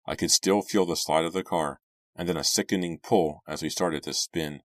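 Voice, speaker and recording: A man reads a first-person story in a steady, measured way. His voice sits very low, and the recording is close and dry, with no room sound around it. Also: dry recording. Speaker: audiobook narrator. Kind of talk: first-person audiobook narration.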